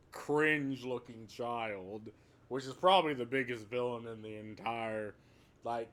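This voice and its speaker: A man's voice: medium pitch, a bit bright. A man giving a casual, rambling movie review, swearing often and laughing at the plot.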